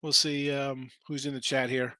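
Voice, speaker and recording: Tired, bright-voiced man chatting betting lines. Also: mid-range voice, level tone, moderate pace, dry recording. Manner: casual, rambling, talks to chat viewers. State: tired, losing his voice. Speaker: sports betting show host. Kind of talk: live-streamed betting picks chat.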